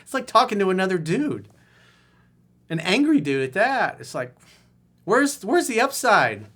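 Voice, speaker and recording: A man's voice: high-pitched, sing-song, unhurried, a bit bright. Blunt, exasperated male dating coach. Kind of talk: coaching commentary on viewer emails.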